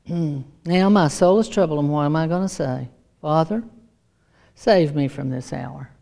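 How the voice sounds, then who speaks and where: A woman voicing Jesus as a troubled, burdened man, speaking softly and subdued. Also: fairly low pitch, moderate pace, close to an everyday voice.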